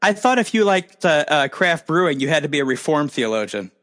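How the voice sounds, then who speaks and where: A man's voice: a little high, big pitch swings, a little fast, fairly bright tone, in a large hall. A man in casual chat, teasing and wry.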